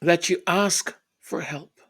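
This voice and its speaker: Halting earnest man telling a story. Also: high voice, vocal fry, a bit bright. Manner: halting, repeats words, earnest. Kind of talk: personal storytelling.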